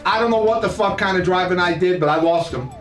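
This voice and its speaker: An older man spins profane childhood stories, rambling and laughing as he goes. His voice sits high for a man. It rings in a roomy space, picked up from a few feet off the mic with faint music underneath. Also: fast, fairly bright tone, distant mic. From New Jersey. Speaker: podcast host. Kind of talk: casual storytelling.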